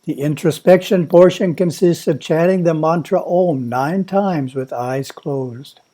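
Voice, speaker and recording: A man at a monastery reading a prepared spiritual talk in a measured, instructive way. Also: fairly high pitch, warm tone. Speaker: monastery teacher.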